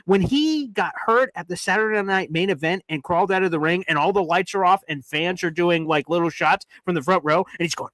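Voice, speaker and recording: A man's voice: high voice, a little fast, no echo. A male sports show host in casual chat, telling stories animatedly and acting out the quotes. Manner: animated storyteller who acts out quotes.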